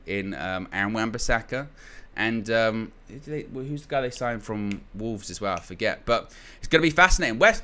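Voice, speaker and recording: Bright-voiced man rambling through football opinions. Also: fairly low pitch. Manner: rambling, frequent restarts and filler words. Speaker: football channel host. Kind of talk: casual opinion commentary.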